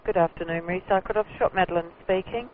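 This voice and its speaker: A woman's voice: on the low side, quick pace, crowd noise. A woman working as a shop receptionist, polite but firm. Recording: tinny phone line with voices behind.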